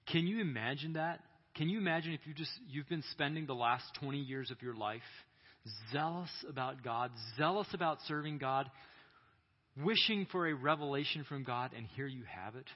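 A man delivers a sermon at a youth conference, dropping low and slow for the dramatic moments. His voice is husky and slightly dull, carried by the long reverb of a large hall. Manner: dramatic storytelling, acting out quoted prayers and voices. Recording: echoey hall, dull sound.

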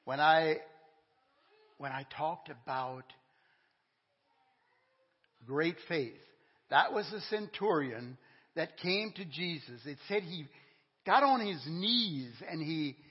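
An older man preaching an informal sermon in a church. He talks in a halting, conversational way, correcting himself and asking the congregation questions. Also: fairly high pitch, husky. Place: church sanctuary. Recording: dull, echoey church recording.

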